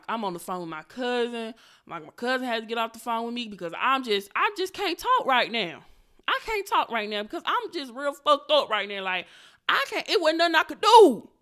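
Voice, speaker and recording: A young woman hosting a podcast, telling a personal story in a blunt, profane, animated way. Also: medium pitch. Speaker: podcast host. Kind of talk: casual storytelling monologue.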